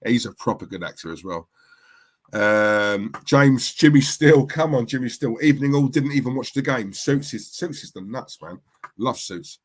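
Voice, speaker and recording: A man's voice: mid-range voice, animated, normal speed. Chatty man hosting a livestream. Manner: chatty, rambling, repeats himself. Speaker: livestream host. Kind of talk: casual live-stream chat, reading viewer comments.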